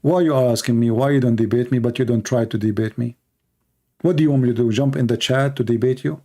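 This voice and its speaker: Mellow-voiced man ranting sarcastically. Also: mid-range voice, steady tone, fast talker. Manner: mocking, sarcastic, acts out opponents. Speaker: livestream debate host. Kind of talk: casual livestream rant.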